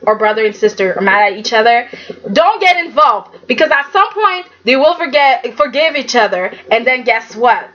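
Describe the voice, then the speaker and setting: A woman recapping a soap opera in a casual vlog, sassy and animated, often breaking into laughs. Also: high voice, dull audio. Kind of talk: casual chat.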